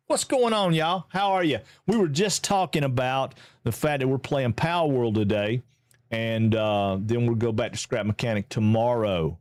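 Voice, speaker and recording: Unhurried and upbeat, a man from Georgia, USA, with a Southern American accent hosts a live game stream, chatting casually and excitedly welcoming viewers. His voice sits at a medium pitch.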